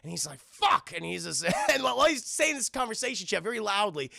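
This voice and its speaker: A man's voice: high-pitched, very animated, fast talker, creaky, bright, forceful tone, no echo, studio quality. A man streaming live, recapping a film scene by scene in a rambling, profane way and talking to his chat. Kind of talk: casual livestream film recap.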